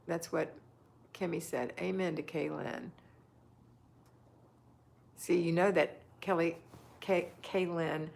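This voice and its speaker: A woman's voice: sits low, creaky, a little hiss or hum. A woman hosting a casual livestream, chatting affectionately and reading viewer comments aloud. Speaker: livestream host.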